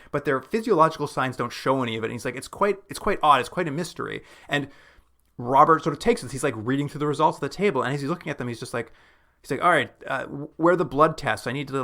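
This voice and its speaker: A man's voice: mid-range voice, fairly bright tone. Man retelling a film, acting out quotes. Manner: retells scenes with quick acted-out quotes, many "like" fillers. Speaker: podcast co-host. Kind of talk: casual film discussion.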